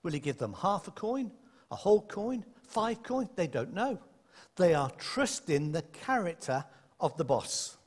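A man preaching a sermon to a congregation, lively and conversational, with playful asides. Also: high-pitched, unhurried, breathy edge. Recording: echoey hall.

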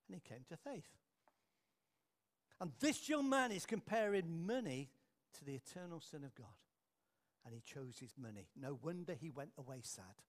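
A man's voice: fairly high pitch, animated, normal speed, pauses often. Earnest storytelling male preacher. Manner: anecdotal, earnest, drops quiet for emphasis. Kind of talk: storytelling sermon.

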